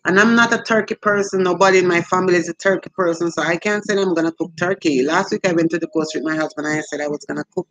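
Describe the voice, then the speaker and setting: A middle-aged Jamaican woman hosting a casual livestream. She talks in a relaxed, chatty way, reading out viewer comments and answering them between stories. Her Jamaican accent runs through everything she says. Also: lowish voice, quick pace, few pauses, echoey room, poor audio. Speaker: livestream host.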